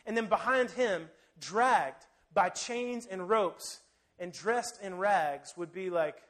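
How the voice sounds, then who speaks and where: High-voiced man preaching with dramatic swings. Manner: vivid storytelling, dynamic swings between loud and hushed. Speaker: pastor. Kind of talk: sermon.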